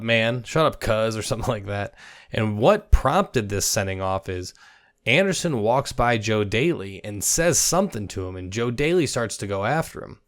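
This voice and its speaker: Lower-voiced man giving laid-back football commentary. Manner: chatty, laughs while narrating, guesses at quoted lines. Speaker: football video host. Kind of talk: casual sports commentary over game clips.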